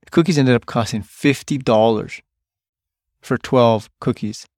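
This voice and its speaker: Male podcast host, mid-pitched, lively storyteller, dry close mic. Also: unhurried, no echo. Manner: animated storyteller, quotes coworkers in loud bursts. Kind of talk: storytelling monologue.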